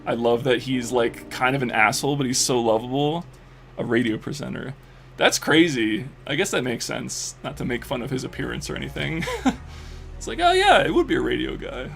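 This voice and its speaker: A male streamer chats loosely while gaming, swearing often and getting worked up as he rambles. His mid-range voice carries a gravelly fry, and faint music plays under it. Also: medium pitch, a little fast. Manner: excitable, profane, filler-heavy rambling. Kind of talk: casual live-stream chat while gaming.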